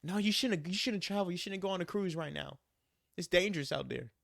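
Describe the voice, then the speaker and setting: A man putting on a high, fretful voice to play a worried middle-aged mother who nags with one warning after another. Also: fairly quick, creaky, fairly bright tone, no echo, studio quality. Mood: nagging.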